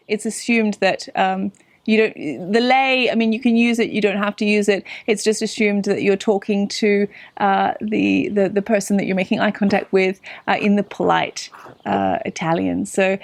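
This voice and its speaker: A woman gives a casual spoken lesson on Italian phrases, chatting with frequent restarts and slowing down to model each phrase. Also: medium pitch, dry recording. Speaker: Italian language teacher.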